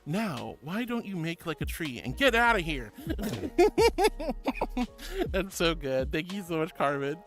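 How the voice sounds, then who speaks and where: Speaking slowly with frequent pauses and large swings in pitch, a female VTuber streamer chats casually over soft background music and reads viewer messages. She gasps with delight, swoops her pitch, and affectionately calls people honey and sweetheart in a bubbly way.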